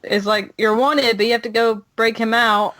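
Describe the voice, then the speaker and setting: A woman with a fairly high voice, chatting on a gaming podcast. She sounds enthusiastic and agrees readily with the others. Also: fairly even intonation, normal speed, a bit bright. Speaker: podcast co-host. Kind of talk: casual chat.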